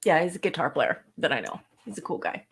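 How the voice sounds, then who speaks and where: A woman's voice: low-pitched, big pitch swings, fast, gravelly, fairly bright tone, breathy edge. A woman co-hosting a casual livestream podcast. She greets viewers and reads notes aloud in a chatty way. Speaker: podcast co-host.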